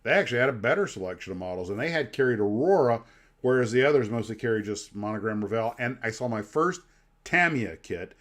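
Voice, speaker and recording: A man's voice: medium pitch, animated, fast, a bit bright. A middle-aged man from the United States hosting a livestream, telling rambling nostalgic stories full of asides. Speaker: livestream host. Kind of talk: casual chat.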